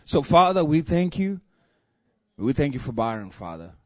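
A man's voice: a little high, very animated, normal speed, no echo. Man leading a fervent prayer. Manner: fervent, repetitive prayer cadence. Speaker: pastor. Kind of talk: closing prayer. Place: church.

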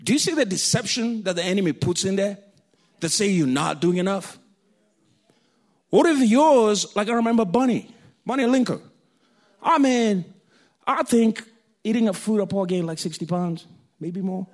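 A man from Kenya, preaching a sermon through animated, jokey personal stories. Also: high-pitched, moderate pace, long pauses. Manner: animated, jokey storytelling, laughs often.

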